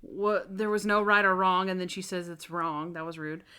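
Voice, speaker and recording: A woman co-hosting a podcast in casual chat, rambling through her points with quick asides and frequent giggles. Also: on the low side, steady tone, bright, forceful tone, smooth. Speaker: podcast co-host.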